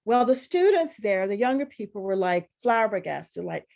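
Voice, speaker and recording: A woman poet who is a guest at a university event, telling a story in a lively, conversational way and acting out other people's voices. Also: medium pitch, moderate pace, vocal fry, few pauses.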